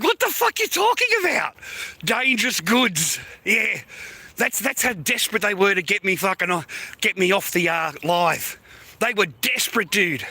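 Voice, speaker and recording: A man's voice: high-pitched, bright, forceful tone, dry recording. A man ranting on a live stream, blunt and full of swearing. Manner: angry, heavy swearing, blunt. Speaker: livestreamer. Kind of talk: profane live-stream rant.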